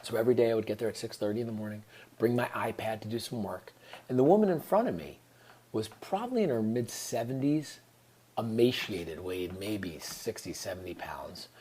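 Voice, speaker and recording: A man's voice: lowish voice, lively intonation, moderate pace, warm tone, slightly rough. A man, telling a personal story in an earnest, reflective way and often dropping into whispered asides. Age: 30s. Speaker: vlogger.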